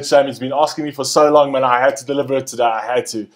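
A young adult man giving excited, chatty reaction commentary, often tacking "man" onto his sentences. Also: mid-range voice, fast, over music. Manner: hyped and chatty, often ending phrases with "man". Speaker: music reaction host.

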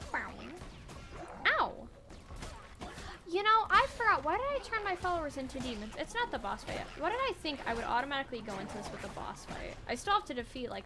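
A young woman with a very high, lively voice, chattering through a let's play. She swears freely and talks straight to the characters on screen, with game music playing clearly behind her. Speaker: gaming video creator.

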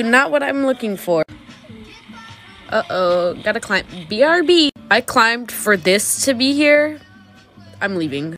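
A woman giving casual gameplay commentary, blunt and excitable, with quick verdicts on what she finds. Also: a little high, faint music behind. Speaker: video game player.

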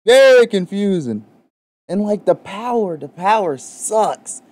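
A man's voice: sits high, animated, takes it slowly, a little mellow, no room sound. An American man playing a horror fan game, rambling and confused, talking casually to viewers. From United States. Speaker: gamer. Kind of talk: casual let's play commentary.

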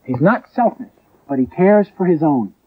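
A man preaching a sermon in an emphatic way, with sharp rises and drops. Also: fairly high pitch, lively intonation, moderate pace, husky. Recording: tinny phone-like lo-fi recording.

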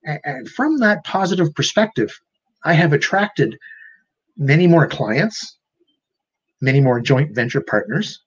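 A man with a slightly high, husky voice gives an earnest motivational talk as a life coach. He often repeats words and restarts his sentences as he goes. The sound is dull and lo-fi. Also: very animated, unhurried, pauses often.

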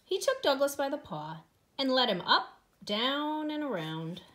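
Reading a picture book to a group of little kids, a preschool teacher uses a high-pitched, sing-song voice full of expression. She goes a little slowly.

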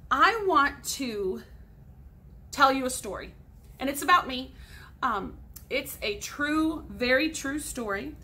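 A woman's voice: sits high, lively intonation, takes it slowly, long pauses, bright, forceful tone. A woman in her forties, a sixth grade teacher, patiently explaining grammar step by step in a recorded lesson for students at home.

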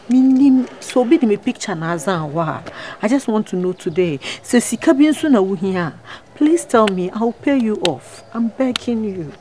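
A woman's voice: mid-range voice, darkish tone, slight background noise, lightly acted. A woman with a Ghanaian accent playing a married woman begging a persistent man to leave her alone, in a web drama. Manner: pleading, exasperated.

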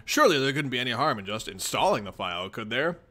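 A man's voice: mid-range voice, quick pace. A man casually reading a webcomic aloud to his viewers, laughing often and chatting with them between lines. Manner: giggly, excitable, talks to chat. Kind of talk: casual read-along commentary.

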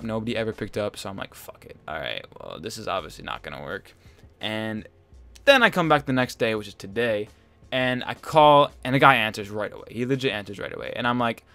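A man's voice: medium pitch, a little fast, a bit bright, smooth, no room sound, soft background music. A young man hosting a gaming channel, telling a rambling, exasperated story over gameplay and swearing often.

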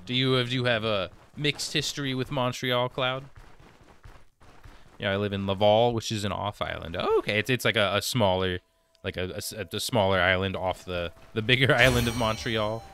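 A man's voice: on the low side, normal speed, pushed and bright, clean tone. A man streaming a game, casually reading viewer comments aloud and chatting back. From United States. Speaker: gaming streamer reading chat. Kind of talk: casual live-stream chat while gaming.

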